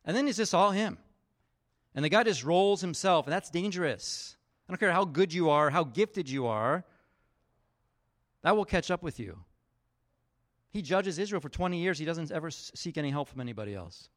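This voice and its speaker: A man's voice: on the high side, lively intonation, moderate pace, pauses often. A man as a pastor giving a casual, conversational sermon, telling stories and acting out the voices of people in them. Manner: casual storytelling, acts out quoted voices; chatty, leans on fillers like "like" and "you know".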